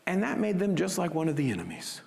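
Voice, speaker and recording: Lively preaching man in a reverberant hall. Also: high-pitched, quick pace, gravelly. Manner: expressive preaching, drops to a hush for emphasis. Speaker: pastor. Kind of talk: sermon.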